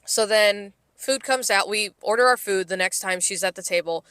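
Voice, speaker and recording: A woman's voice: medium pitch, moderate pace, a bit bright, dry recording. A woman co-hosting a podcast, telling a story in a casual, exasperated and profane way. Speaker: podcast co-host.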